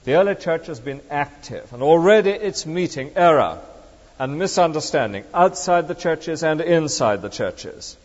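A man's voice: a little high, animated, moderate pace. A man preaching a sermon with emphatic, rhetorical questions to the congregation. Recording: dull lo-fi recording with long reverb.

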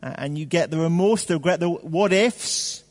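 A man's voice: a little high, normal speed. Male preacher, chatty sermon delivery, rhetorical questions, reverberant church hall. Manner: animated, conversational preaching with fillers and rhetorical questions.

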